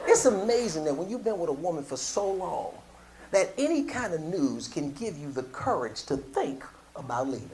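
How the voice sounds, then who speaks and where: A middle-aged male comedian doing a loud, animated stand-up set on a club stage, shouting punchlines. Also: a little high, moderate pace. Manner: loud, animated delivery with frequent laughs and shouts. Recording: live club with crowd and noise.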